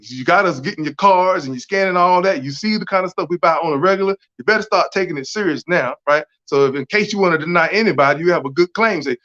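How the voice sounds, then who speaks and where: A man's voice: high voice, quick pace, hardly any pauses, fairly bright tone. Emphatic man, lo-fi audio. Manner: emphatic, repetitive, keeps asking "right?". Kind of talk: impassioned casual talk. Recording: dull lo-fi audio.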